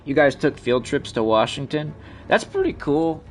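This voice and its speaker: A man's voice: fairly high pitch, sing-song, moderate pace. A young man from the Midwest chatting casually with his viewers while playing a game live, rambling and cursing freely. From Midwestern United States. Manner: profane, rambling, talks to chat. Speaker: game streamer.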